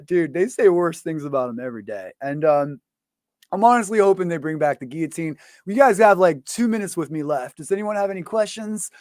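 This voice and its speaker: A man's voice: fairly high pitch, expressive, fairly quick, darkish tone, no echo, clean studio sound. A man hosting his own show in a casual, rambling rant, swearing often and filling gaps with "like". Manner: profane, rambling, full of fillers. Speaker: show host. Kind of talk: casual ranting monologue.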